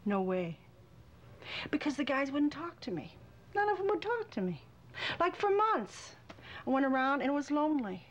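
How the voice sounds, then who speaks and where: A middle-aged woman, a welder and artist, telling a candid story for a documentary, swinging between loud and hushed. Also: high-pitched, sing-song, normal speed.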